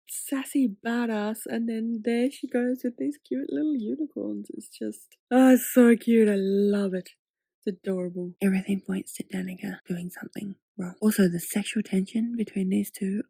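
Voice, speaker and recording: A woman chatting in a casual reading vlog, excitable and gushing, sometimes dropping to a whisper. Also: medium pitch, gravelly, husky, dry recording. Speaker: book vlogger.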